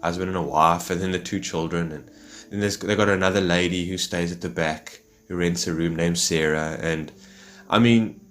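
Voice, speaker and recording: Low-voiced rambling man musing. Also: steady tone, normal speed, slight background noise. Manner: rambling, many fillers. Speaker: vlogger. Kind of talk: reflective monologue.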